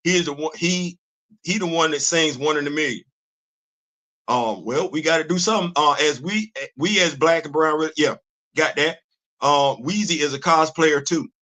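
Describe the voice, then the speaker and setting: Older man host, high bright voice, stammery restarts. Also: moderate pace. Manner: animated, repeats words when he starts a sentence. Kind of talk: livestream commentary.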